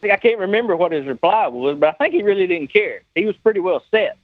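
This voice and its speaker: A man's voice: high voice, fast, narrow, tinny audio. A man telling a long anecdote in casual chat, acting out the dialogue of the people in it. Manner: animated anecdote teller acting out quoted dialogue. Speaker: guest, custom car builder. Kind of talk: casual storytelling.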